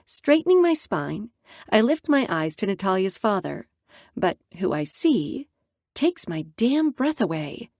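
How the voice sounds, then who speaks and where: Expressive woman reading a romance audiobook. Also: mid-range voice, no room sound, clean studio sound. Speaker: audiobook narrator. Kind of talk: first-person romance audiobook narration.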